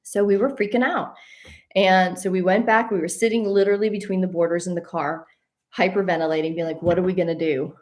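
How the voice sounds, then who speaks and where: A woman telling a personal travel story in a casual, animated way. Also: medium pitch, fairly quick, slight background noise. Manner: animated, addresses listeners as y'all. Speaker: host.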